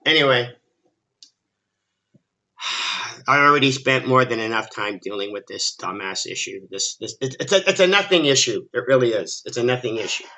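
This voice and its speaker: Exasperated ranting man, bright forceful voice. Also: medium pitch, expressive, normal speed, long pauses, poor audio. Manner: exasperated, sarcastic, stumbles over repeated words. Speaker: commentary channel host. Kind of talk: ranting video commentary.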